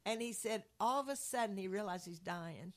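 Woman speaker, mid-pitched, earnest rambling faith storyteller. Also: moderate pace. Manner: earnest, rambling retelling with restarts. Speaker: speaker sharing a faith testimony. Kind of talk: conversational religious storytelling.

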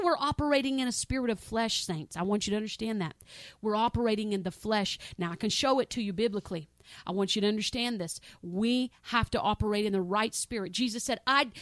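A woman preaching a sermon with fervent, repetitive emphasis, swinging between loud exclamations and soft pleading prayer. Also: medium pitch, brisk, no room sound, clean studio sound. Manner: fervent, repetitive, addresses listeners as saints.

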